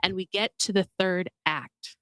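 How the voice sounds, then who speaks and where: Podcast lady gushing about a movie, all emotional and animated, dry close sound. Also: on the low side, unhurried, clear, resonant tone, dry recording. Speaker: podcast co-host. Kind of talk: casual film discussion.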